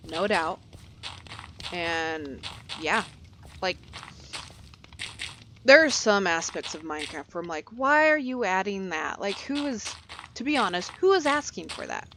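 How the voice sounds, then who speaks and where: A woman's voice: lowish voice, lively intonation, a little slow, long pauses, sharp tone, slight background noise. A young woman giving casual gameplay commentary, chatty and rambling, easily sidetracked. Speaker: gaming video creator.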